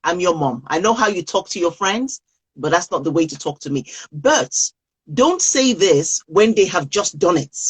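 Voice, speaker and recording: A woman with a slightly low, husky voice gives parenting advice over a video call. She speaks earnestly, circling back and repeating her key phrases so they land. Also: lively intonation, moderate pace, low-quality recording. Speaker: parenting coach guest.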